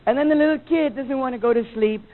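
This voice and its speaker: A man's voice: very high-pitched, fast, slight background noise. A male stand-up comedian with a Mexican-American accent, mixing English and Spanish and acting out family voices in a comedy set. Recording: tinny, phone-like VHS broadcast audio.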